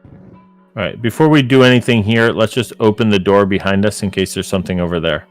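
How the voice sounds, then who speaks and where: A man's voice: on the low side, brisk, soft background music. A man playing a tabletop game, chatting casually and joking with many fillers. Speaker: player.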